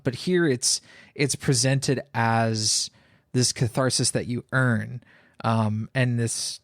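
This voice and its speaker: A man's voice: medium pitch, dry recording, clean studio sound. A man co-hosting a film podcast, talking in a thoughtful, analytical way with some fillers. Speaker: podcast co-host. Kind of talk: casual film discussion.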